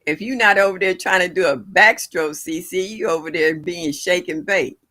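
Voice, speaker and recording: This older woman's voice is on the low side, pushed and bright, delivered at a moderate pace. Using a livestream setup, she hosts a gardening stream from home and chats casually with her live viewers, laughing in a folksy manner.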